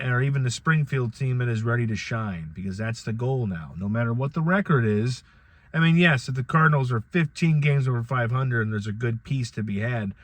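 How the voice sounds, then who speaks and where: A middle-aged man talks through a casual solo podcast at an everyday, mid-range pitch. He rambles in a loose, conversational way and often restarts his sentences. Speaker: podcast host.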